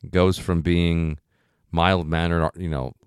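A man with a low voice talks through a film's story in a relaxed, rambling way, stacking up "you know" and "like" as he thinks. His voice sits close and dry, with no room echo. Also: slow pace, smooth. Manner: thoughtful, rambling, frequent fillers like "you know" and "like". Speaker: film discussion co-host. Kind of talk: casual film discussion.

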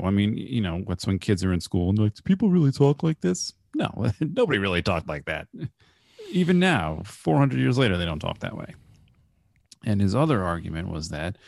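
Male podcast co-host, low gravelly voice, wry storyteller, dry close recording. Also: darkish tone, dry recording. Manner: wry, storytelling, laughs often. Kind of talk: casual movie review chat.

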